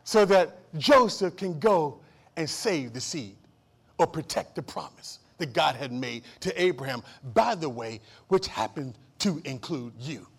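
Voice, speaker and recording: A male pastor preaching a sermon, calling out for amens and swinging from loud outbursts to low hushed asides. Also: expressive, a little slow, husky. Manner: repeats and restarts phrases, calls for amen.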